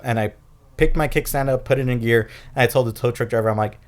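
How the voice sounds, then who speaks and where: Young male co-host, loose storyteller, heavy swearing, average pitch. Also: quick pace. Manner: profane, animated retelling with acted quotes. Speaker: podcast co-host. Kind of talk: casual storytelling.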